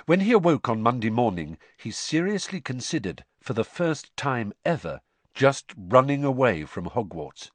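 A man narrating an audiobook in an expressive storytelling manner. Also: medium pitch, moderate pace, no room sound. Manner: expressive, varied storytelling delivery.

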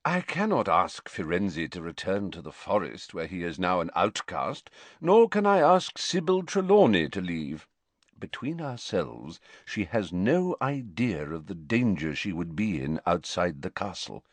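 Casting: man doing a patient old headmaster for an audiobook, low, measured, dry close read. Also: very animated, no room sound, full character voice. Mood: patient, weary. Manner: measured, patient, slightly weary. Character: elderly wise male headmaster, calm, weary. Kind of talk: audiobook character voice.

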